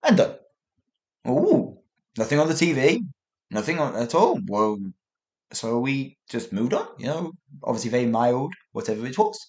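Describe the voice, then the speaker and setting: A middle-aged man, hosting a podcast for learners and telling a story in a casual way. He is animated, mimics sounds with little noises and corrects himself mid-sentence. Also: medium pitch, moderate pace. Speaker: English teacher podcast host.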